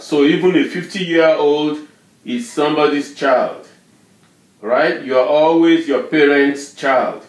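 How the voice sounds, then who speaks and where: A man teaching a language lesson, drilling syllables and tones slowly and patiently. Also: on the high side, roomy sound. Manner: drills syllables and tone names, repeating words slowly. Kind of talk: slow, patient pronunciation lesson.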